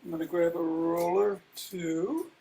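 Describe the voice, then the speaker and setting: Slow, calm man leading a workout. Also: high voice, low-quality recording. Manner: calm, unhurried cueing of movements. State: losing his voice. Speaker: fitness class leader. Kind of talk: guided exercise instruction.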